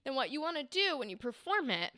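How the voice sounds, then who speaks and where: A woman's voice: sits high, big pitch swings, quick pace, sharp tone, no room sound, studio quality. A woman hosting a livestream, chatty and enthusiastic, giving voice acting feedback and acting out example lines. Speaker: livestream host and voice acting coach.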